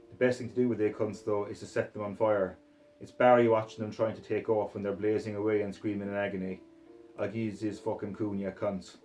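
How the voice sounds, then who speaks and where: A man's voice: on the low side, a little mellow. Man telling a story in a put-on Scottish accent. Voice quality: rough, profane, swaggering narration in character. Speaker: reader of a short story. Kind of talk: first-person story reading.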